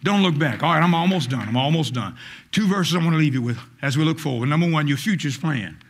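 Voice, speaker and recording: Gravelly high-pitched preacher man. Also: animated, quick pace. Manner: fiery call-and-response preaching, rising to shouts; acts out quoted voices, stammers on repeated words. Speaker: pastor. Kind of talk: sermon.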